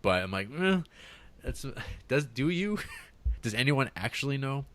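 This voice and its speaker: A man's voice: mid-range voice, very animated, moderate pace, fairly bright tone, no echo. A man co-hosting a film podcast in casual chat, rambling with lots of fillers and restarts. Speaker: podcast co-host.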